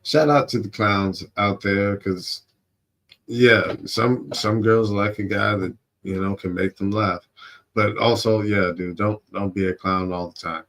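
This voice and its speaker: Slow, low-voiced laid-back streamer man. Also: steady tone, fairly bright tone. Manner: laughs often, slangy, curses then apologizes. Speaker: streamer host. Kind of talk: casual reaction commentary.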